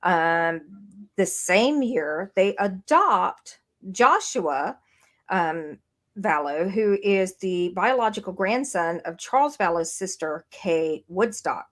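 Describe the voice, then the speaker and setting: A woman's voice: lowish voice, animated, slow. A woman co-hosting a true-crime podcast, recapping a case in a rambling way with many fillers and restarts. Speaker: podcast co-host. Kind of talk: casual true-crime chat. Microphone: streamed podcast mic.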